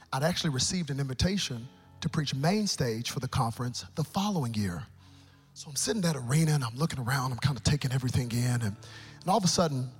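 A male pastor preaching a sermon at a live church service, with animated storytelling that acts out quotes. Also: medium pitch, slightly rough.

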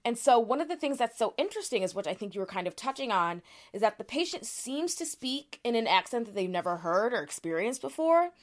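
A woman's voice: fairly high pitch, sing-song, brisk, hardly any pauses. A woman co-hosting a podcast, explaining cases in a casual, chatty way with plenty of fillers and restarts. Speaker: podcast co-host.

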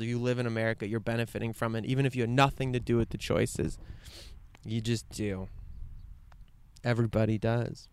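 A man with a smooth, resonant voice rambles earnestly in an outdoor vlog. He swears freely, drifts between hushed musing and fired-up rants, and sits in a quiet meadow with a dry, close sound. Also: mid-range voice, no echo. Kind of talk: casual outdoor vlog monologue.

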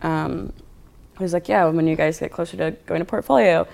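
A man's voice: a little high, fairly even intonation, a little fast, gravelly, a little mellow. A young man, a guest artist, chatting casually on a podcast, laid-back and rambling with lots of fillers. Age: young adult. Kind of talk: casual chat.

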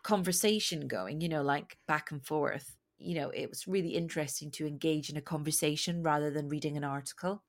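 A woman's voice: sits low, brisk, few pauses. A woman with a mild Scottish accent, co-hosting a podcast in casual, chatty talk and laughing often. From Scotland. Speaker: podcast co-host. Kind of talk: casual chat.

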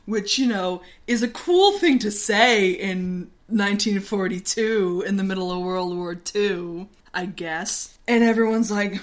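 An animated woman co-hosting a chatty podcast, at a middle pitch for a woman, retelling a film scene by scene. She jumps into goofy character voices and laughs as she goes. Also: a little slow, hardly any pauses. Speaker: podcast co-host. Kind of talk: casual chat retelling a movie.

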